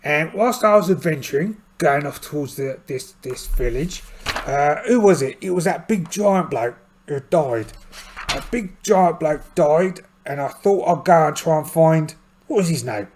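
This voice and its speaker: A man's voice: a little high, lively intonation, unhurried, a little mellow, a little hiss or hum. A middle-aged man narrating his solo tabletop game in a rambling, self-deprecating, casual way. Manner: chatty, self-deprecating, meandering with restarts.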